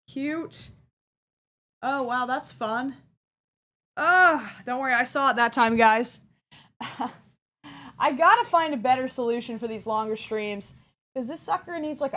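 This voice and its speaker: Bubbly high-voiced woman unboxing gifts. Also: a bit bright. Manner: bubbly, gushing, easily delighted. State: hiccups. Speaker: streamer opening a fan package. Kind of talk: casual unboxing chat.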